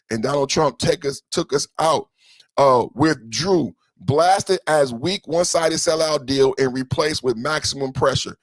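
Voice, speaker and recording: A man hosting a podcast, giving a passionate political monologue with lots of repetition. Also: no echo. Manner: impassioned, repetitive, shifts between low brooding and loud outbursts. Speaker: podcast host.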